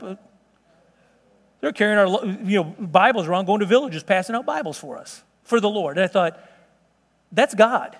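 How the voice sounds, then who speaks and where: A man giving an animated sermon testimony, telling a story with laughs and exclamations. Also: sits high, normal speed, gravelly, pauses often. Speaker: preacher. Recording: hall reverb.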